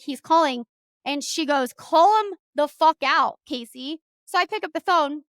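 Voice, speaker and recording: A young adult woman hosting a podcast, telling a story in an animated, profane rant and acting out the dialogue. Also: high-pitched, no room sound, clean studio sound. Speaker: podcast host.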